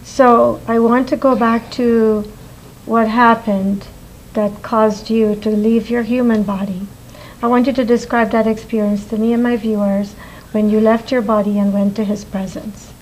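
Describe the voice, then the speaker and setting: A woman interviewer asking measured, guiding questions to a guest for her viewers. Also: on the high side, flat delivery, darkish tone, a little hiss or hum, rough recording. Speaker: interviewer and host.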